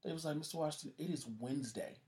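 Profane, animated male storyteller. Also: fairly high pitch, very fast. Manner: profane, animated, acts out quoted voices. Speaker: guest telling a story. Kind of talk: casual storytelling in conversation.

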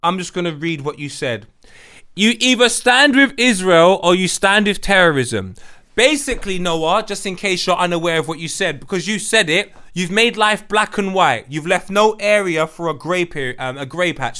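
A man's voice: high-pitched, fairly quick, hardly any pauses, sharp tone. A man hosting a podcast, commenting bluntly and mockingly on online clips. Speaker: podcast host.

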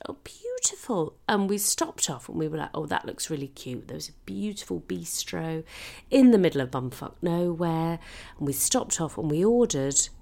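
A British woman hosting a podcast, telling a comic story in a sweary, animated way with mock-French asides. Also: sits low. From Britain. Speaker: podcast host.

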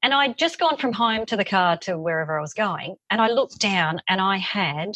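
A middle-aged woman, a psychologist guest, telling stories in a casual podcast interview with lively, acted-out quotes. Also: medium pitch, moderate pace, dry recording.

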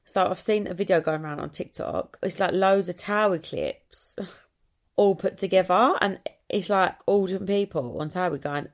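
A woman with an Essex accent chats on her own podcast in a rambling, friendly way and often acts out what other people say. Her voice sits a little low and has a strong gravelly fry. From Essex, England. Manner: chatty, rambling, quick to quote others. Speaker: podcast host. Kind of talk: casual solo chat.

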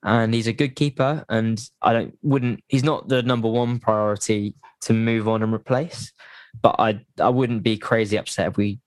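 A man's voice: fairly low pitch, fairly even intonation, moderate pace, dry recording. A man chatting casually about football on a podcast, rambling with lots of restarts and fillers.

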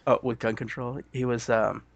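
A man's voice: mid-range voice, little pitch movement, moderate pace, vocal fry, no echo, lo-fi sound. A man co-hosting a podcast in casual chat, often laughing as he retells jokes. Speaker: podcast co-host.

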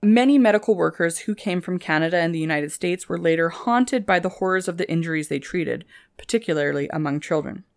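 Brief: young woman podcast co-host, low-pitched, keen and gushing over historical facts. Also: a little fast, vocal fry. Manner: eager, gushing about historical details. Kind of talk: casual history podcast chat.

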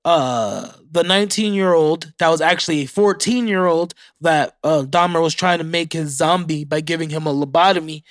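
A man's voice: on the high side, normal speed, few pauses, dry recording, clean studio sound. Profane young man chatting solo on his podcast. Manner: profane, reacts aloud while reading facts. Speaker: podcast host. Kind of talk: casual solo podcast chat.

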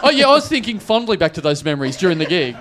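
Animated high-voiced comedian. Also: male voice, racing, some chatter behind. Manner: animated, acts out other people's lines, laughs often. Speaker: comedian guest. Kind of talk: live podcast storytelling. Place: live venue before an audience.

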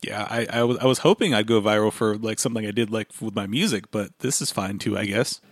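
A man co-hosting a podcast in casual chat, rambling and excitable, with sarcastic asides. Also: lowish voice, fast talker, dry recording, clean studio sound. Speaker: podcast co-host.

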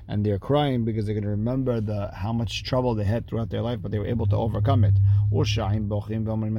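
Talmud teacher, male, deep-ish and gravelly, reads the text then translates it casually. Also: dark tone. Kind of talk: daily Talmud page lesson.

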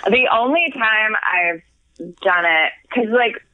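A woman's voice: a little high, no echo. Chatty woman on a tinny phone line. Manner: rambling, self-deprecating, quick laughs. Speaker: guest comedian. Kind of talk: casual chat.

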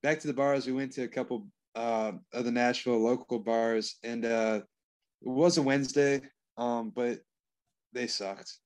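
A man trades blunt, profane banter on a podcast. His voice sits at an ordinary mid pitch for a man. He talks casually and without polish. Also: fairly even intonation, normal speed. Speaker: podcast co-host. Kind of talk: casual chat.

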